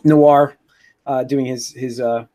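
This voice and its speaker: A man hosting a podcast, recapping a movie in a rambling, casual way with many pauses and restarts. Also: mid-range voice, fairly even intonation, warm tone. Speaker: podcast host.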